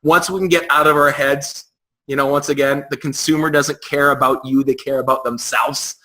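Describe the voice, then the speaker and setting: A man's voice: medium pitch, fairly even intonation, normal speed, pushed and bright, low-quality recording. A man talking frankly as a guest in a casual interview, often stumbling and repeating words as he goes. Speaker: real estate agent, guest.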